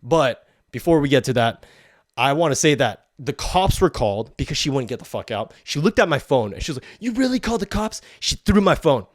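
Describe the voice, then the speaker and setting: Man, podcast host, swearing rant, mid-pitched voice, dry close sound. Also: animated, fairly quick, no echo. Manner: profane, blunt, heated. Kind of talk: ranting storytelling.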